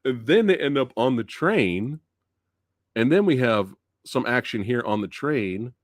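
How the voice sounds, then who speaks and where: A man's voice: mid-range voice, lively intonation, a little slow, no echo, clean studio sound. A man hosting a live movie review stream, chatting loosely and laughing often as he talks. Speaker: movie review channel host.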